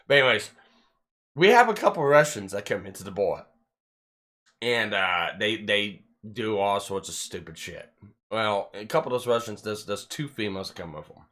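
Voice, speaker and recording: A man with a lowish voice, speaking at a moderate pace, hosts a casual podcast and spins a long, rambling story. He swears heavily, restarts often, and retells events with lots of animation.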